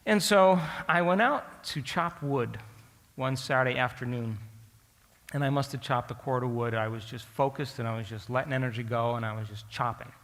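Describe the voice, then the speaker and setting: A man giving a storytelling lecture to an audience, speaking in an animated way and often asking the listeners questions. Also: medium pitch, normal speed, long reverb tail.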